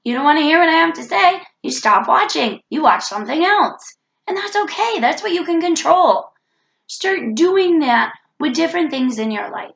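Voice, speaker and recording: A woman's voice: sits high, lively intonation, moderate pace, creaky, a bit bright, roomy sound, rough recording. A woman with a cold talking earnestly into the camera in a reflective self-help vlog, repeating her key points. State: has a cold. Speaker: vlogger.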